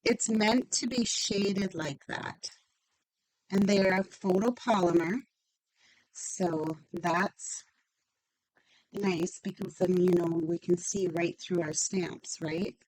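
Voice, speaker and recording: A woman's voice: lowish voice, fairly even intonation, takes it slowly, darkish tone, poor audio. A woman demonstrating a stamping craft project, chatty and upbeat, thinking aloud as she works.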